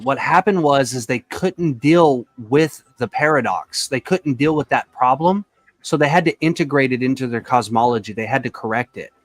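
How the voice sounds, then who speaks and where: A man's voice: medium pitch, no room sound. Give me a man debating bluntly, explaining history at length, with a dry sound. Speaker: debate caller. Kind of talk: argumentative debate.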